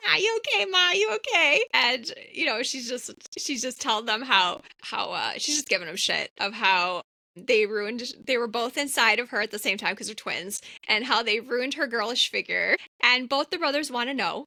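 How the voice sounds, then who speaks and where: Bright, crisp-voiced woman podcast host. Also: a little high, moderate pace, dry recording. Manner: animated storyteller, chatty. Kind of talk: casual chat, film recap.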